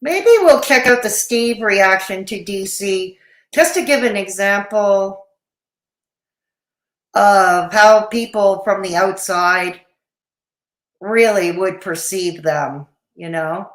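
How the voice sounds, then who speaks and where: Slow-talking woman, blunt and dismissive. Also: medium pitch, roomy sound. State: has the hiccups. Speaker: commentary channel host. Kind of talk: casual reaction chat.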